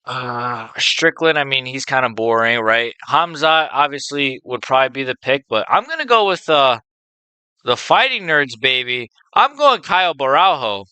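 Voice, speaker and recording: This man is an MMA video host giving a casual, unscripted monologue on his fight picks, full of profanity, um and like, and enthusiastic fan takes. His mid-range voice has lively intonation at a moderate pace, sounding pushed, bright, clear and resonant in a dry recording.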